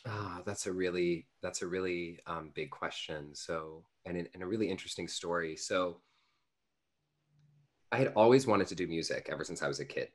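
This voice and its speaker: A man's voice: low voice, moderate pace. A man in his thirties, an interview guest telling a personal story earnestly, with lots of fillers. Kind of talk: storytelling in conversation.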